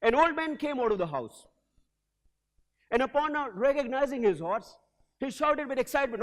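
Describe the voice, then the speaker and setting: Man, very high voice, leadership coach, motivational keynote, storytelling, audience call-and-response, hotel event hall. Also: normal speed, long pauses. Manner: energetic, storytelling, drives audience participation.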